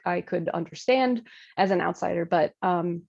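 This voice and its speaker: A woman pastor in her thirties from Michigan, chatting in an interview with a gravelly edge to her voice. She rambles and laughs as she talks, with plenty of fillers and restarts. The recording sounds a bit dull and lo-fi. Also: fairly low pitch, normal speed, a little mellow. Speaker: Lutheran pastor. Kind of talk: casual interview conversation.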